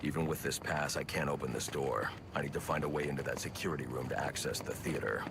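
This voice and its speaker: An actor playing a grim, terse masked vigilante in a video game, with a deep gravelly voice. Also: male voice, quick pace. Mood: brooding. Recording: game audio under loud noise.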